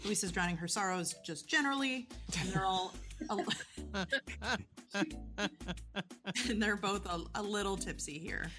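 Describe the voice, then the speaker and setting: A woman's voice: medium pitch, measured pace, pauses often, a bit bright, faint music behind. A woman who voices a role on the show, giggling and breaking into laughter.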